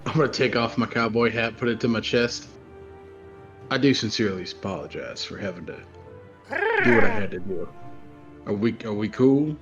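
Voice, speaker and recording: A man's voice: on the low side, moderate pace, pauses often, muffled recording, music in the background. A man playing a cowboy character in a tabletop role-play, easygoing. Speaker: player.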